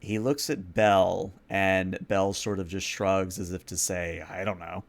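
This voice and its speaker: A man running a tabletop game as game master, narrating calmly and calling for rolls. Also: low voice, measured pace.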